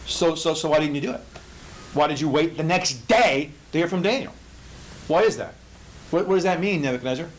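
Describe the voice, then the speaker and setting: A man's voice: animated, fairly quick, pauses often, rough recording. Emphatic man teaching Bible study. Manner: emphatic, rhetorical questions, swings from low to loud.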